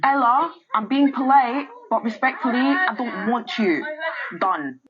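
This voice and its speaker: A woman's voice: a little high, lively intonation, unhurried. A woman acting a bossy young woman who bluntly coaches a friend, sassy and swearing, in a comedy skit. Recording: lo-fi clip over loud music.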